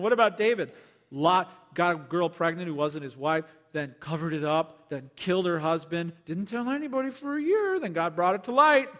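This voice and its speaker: A man preaching a sermon as pastor, animated and acting out the voices of people he quotes. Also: high voice, long reverb tail.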